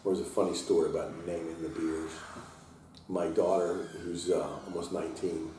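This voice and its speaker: A man with a low, mellow voice tells his stories with energy and acts out the people he quotes. He sits a little back from the mic in a very echoey taproom, and a faint hiss runs underneath. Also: moderate pace, recorded from a distance. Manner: animated storyteller, acts out quotes in a raised voice. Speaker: brewery owner and head brewer. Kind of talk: casual storytelling interview. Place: inside his brewery taproom.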